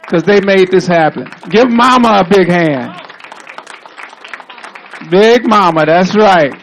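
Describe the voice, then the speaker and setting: Easygoing male speaker with a gravelly voice, rambling anecdotes at an outdoor dedication. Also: high voice, expressive, slow, a faint crowd, slight background noise. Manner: laid-back, drawling storyteller with asides. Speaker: honoree giving a speech. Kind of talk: casual storytelling speech. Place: outdoor street ceremony.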